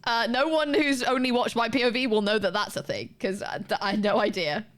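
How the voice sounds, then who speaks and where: A woman's voice: a little high, fairly quick, a bit bright. A woman streamer chatting casually and laughing as she reacts to clips. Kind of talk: casual live-stream chat.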